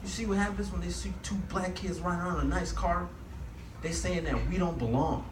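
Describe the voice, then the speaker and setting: A comedian doing an indignant young man, worked up and sure of himself, pitched higher and pushier than the teller. The voice rings out across a roomy club from a distant mic, with crowd noise underneath. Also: steady tone, a little fast, lightly acted. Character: excited young man, indignant friend in a car.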